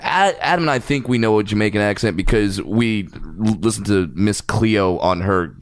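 A man's voice: fairly low pitch, normal speed, no room sound. A man co-hosting a comedy podcast in casual chat, hesitant and self-mocking. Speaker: podcast co-host.

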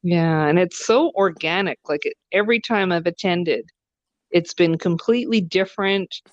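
A woman hosts a podcast conversation with an eager, affirming manner and a fairly low pitch. The recording is dull and lo-fi, dry with no room sound. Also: moderate pace, no room sound. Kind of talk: conversational interview.

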